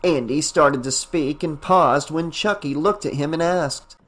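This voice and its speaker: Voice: mid-range voice, measured pace, a bit bright. Enthusiastic audiobook narrator and host. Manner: enthusiastic, chatty, with fillers in the wrap-up. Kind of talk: reading a fan novel aloud, then casual chat.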